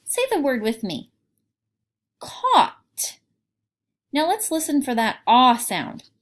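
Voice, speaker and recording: A woman teaching young children a phonics lesson, reading aloud and sounding out words clearly. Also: sits high, big pitch swings, moderate pace.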